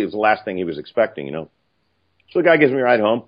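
An older man spins a profane, animated anecdote in a low, husky voice that rises and falls widely. He acts out other people's lines as he goes. The audio is muffled and lo-fi. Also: racing. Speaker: film writer-director guest. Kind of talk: casual anecdotal storytelling.

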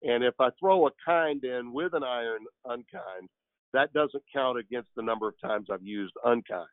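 Joking older sportscaster on a phone line. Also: male voice, medium pitch, normal speed, dry recording. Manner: storytelling, joking. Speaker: sportscaster guest. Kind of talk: casual chat. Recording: dry tinny phone line.

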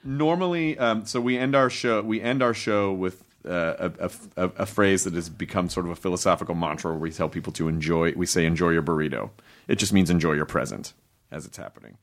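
A young man hosting a podcast, chatting in an excitable, rambling way with many restarts. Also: low voice, brisk. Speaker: podcast host. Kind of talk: casual chat.

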